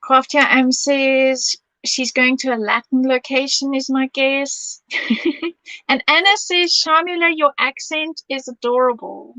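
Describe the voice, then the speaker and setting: A woman's voice: high voice, fairly even intonation, measured pace, pushed and bright, dry recording, rough recording. A woman hosting a live craft stream, reading viewer comments aloud, enthusiastic and teasing. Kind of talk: casual live-stream chat.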